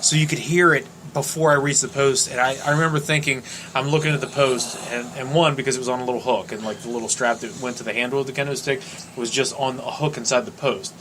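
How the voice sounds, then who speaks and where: A man co-hosting a podcast, telling a story from a wrestling match in an earnest, relaxed way. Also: medium pitch, fast talker, a little hiss or hum, rough recording. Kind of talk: casual storytelling chat.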